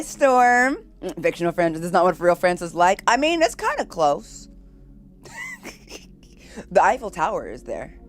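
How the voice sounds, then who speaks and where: Chatting with her stream audience, a woman with a lowish voice reads out viewer messages and laughs readily, bubbly and giggly throughout. Her volume jumps between loud excited hellos and soft murmured asides, with faint game music in the background.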